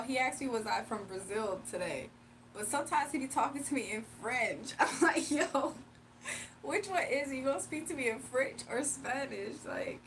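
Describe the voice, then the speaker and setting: A woman's voice: sits high, a bit bright. Playful laughing streamer woman from Virginia. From Virginia, USA. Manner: laughs often, loose and playful. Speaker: livestream host. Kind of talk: casual livestream chat reading comments. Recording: mic a bit far off, faint room noise.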